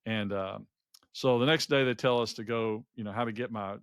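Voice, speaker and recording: A man's voice: lowish voice, moderate pace, clean tone, no room sound, clean studio sound. A middle-aged man co-hosting a podcast, telling a personal travel anecdote in casual chat, with many restarts along the way. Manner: rambling anecdotes with frequent restarts and lively quoted voices. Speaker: podcast co-host.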